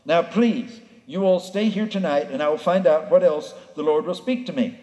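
A man's voice: on the high side, moderate pace, mellow. A man preaching a sermon as pastor, in a folksy storytelling manner that acts out the characters. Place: church sanctuary. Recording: echoey hall.

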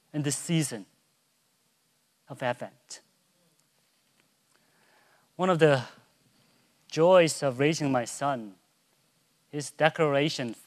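A male pastor preaches a sermon that shifts from soft, hushed storytelling to loud, soaring proclamation, at one point acting out a child's calls in a high voice.

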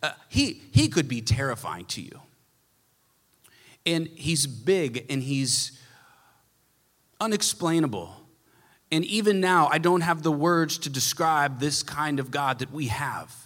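A man's voice: on the high side, animated, takes it slowly, pauses often, a bit bright. A man preaching a sermon as a pastor, telling a story earnestly, his volume swelling and dropping. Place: church. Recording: echoey church hall.

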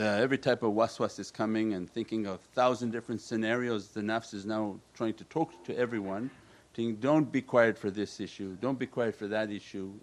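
A man as a religious teacher giving a calm sermon and answering questions, often weaving in Arabic prayer phrases. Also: mid-range voice.

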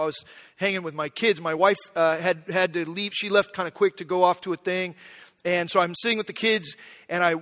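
A middle-aged man preaching a sermon, telling stories about himself with humor and swinging between quiet reflection and loud outbursts. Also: high voice. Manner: storytelling, self-deprecating, swings from quiet to shouting. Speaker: pastor. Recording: long hall reverb.

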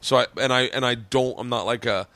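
A comedian hosting a podcast, talking in a rambling, halting, profane way. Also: male voice, medium pitch, steady tone, sharp tone, no room sound. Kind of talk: casual podcast chat.

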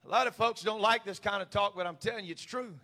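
High, bright-voiced preaching pastor. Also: male voice, quick pace. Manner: swings from quiet confiding to shouted preaching. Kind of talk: sermon.

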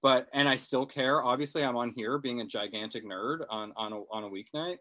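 A man's voice: medium pitch, brisk, fairly bright tone. Casting note: man in his thirties, blunt contrarian podcast co-host, gets emphatic. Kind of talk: casual podcast chat.

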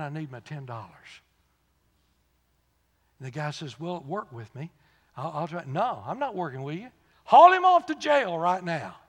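A man preaching a sermon in a folksy storytelling manner, dropping to soft asides and rising to loud, emphatic peaks. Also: medium pitch, slightly rough. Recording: long reverb of a large hall.

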